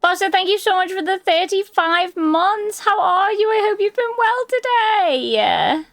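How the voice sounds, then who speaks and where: Chatty streamer woman with a gravelly voice. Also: very high-pitched, expressive, unhurried, a bit bright. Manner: chatty, swears casually, answers chat aloud. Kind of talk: casual livestream chat with viewers.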